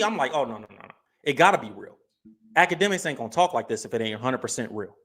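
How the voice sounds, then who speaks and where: A man's voice: on the high side, fairly bright tone. A man hosting a livestream in a casual, chatty way, reacting to clips and talking to his viewers. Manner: casual, chatty, leans on "bro" and "you know what I'm saying". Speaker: livestream host.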